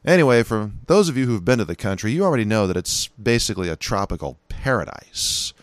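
A middle-aged man with a Californian accent hosting his own podcast, talking in a folksy, chatty way with lively emphasis. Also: on the low side, a little fast, no echo, clean studio sound. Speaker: podcast host. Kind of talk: casual solo podcast talk.

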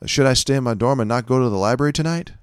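A man's voice: mid-range voice, racing, smooth, no echo, studio quality, natural voice. A man voicing an anxious fifteen-year-old boy who rambles out worried questions.

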